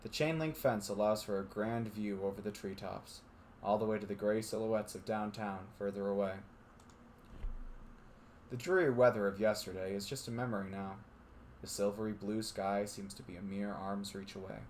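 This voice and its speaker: Man, low voice, streamer, reads game narration aloud, jokey banter. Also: steady tone, moderate pace, a little mellow, a little hiss or hum. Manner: reads steadily, then laughs and banters. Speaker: streamer reading a visual novel aloud. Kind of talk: narration read aloud, casual chat with friends.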